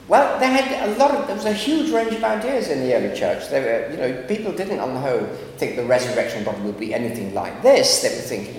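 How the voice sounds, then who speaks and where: A man, a philosopher, giving a lively, wry lecture full of asides. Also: medium pitch, fairly quick. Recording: echoey lecture hall with faint background noise.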